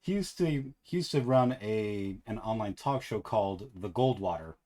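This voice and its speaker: A man hosting a casual podcast, telling a story in an animated way and laughing often. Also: fairly low pitch, moderate pace. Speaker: podcast host.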